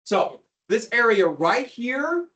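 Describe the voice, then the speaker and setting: A man's voice: very high-pitched, sing-song, slow, a bit bright, poor audio. A man teaching a history class over maps and slides, chatty, with asides and rhetorical questions to his students.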